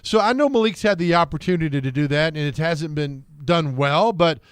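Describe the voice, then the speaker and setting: Casting: male radio co-host, slightly high voice, dry studio, rambling storyteller. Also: fairly quick, smooth, no room sound. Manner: rambling, storytelling, many restarts. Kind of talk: sports talk radio.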